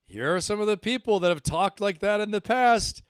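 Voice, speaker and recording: A man's voice: sits high, normal speed, smooth, no echo, clean studio sound. A middle-aged man, a retired Marine officer, hosting his channel with emphatic, repetitive commentary and rhetorical questions. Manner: emphatic, repeats himself, asks rhetorical questions. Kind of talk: casual commentary to viewers.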